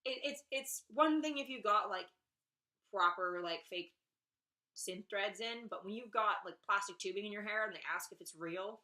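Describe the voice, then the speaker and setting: A woman's voice: mid-range voice, normal speed, sharp tone. A young woman vlogging a casual rant, exasperated and sarcastic, swearing freely.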